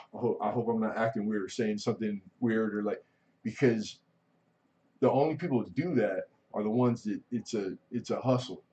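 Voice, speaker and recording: A middle-aged man with a lowish, mellow voice talks in a loose, rambling way. He is candid and swears often. His speech wanders through restarts. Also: highs cut off. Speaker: livestream host. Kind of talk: casual rambling chat.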